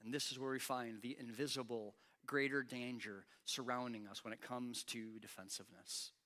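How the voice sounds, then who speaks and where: A man preaching a sermon as pastor, animated and acting out quoted lines with rising intensity. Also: medium pitch, moderate pace. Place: church.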